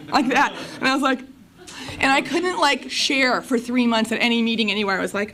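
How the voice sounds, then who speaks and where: A middle-aged woman giving her personal testimony at a recovery meeting, telling her story in a lively way and acting out the conversations. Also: a little high, fast talker, slight background noise.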